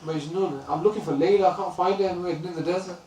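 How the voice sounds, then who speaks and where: A man's voice: high voice, fast talker, dark tone, a little hiss or hum, lightly acted. A man voicing a lovesick, distracted madman wandering the desert, speaking in an apologetic way. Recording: roomy, distant mic, faint ambience.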